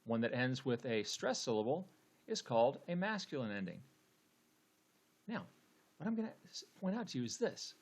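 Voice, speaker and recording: A man's voice: medium pitch, very animated, moderate pace, long pauses. Casual man teaching poetry. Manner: conversational, frequent "okay" and fillers.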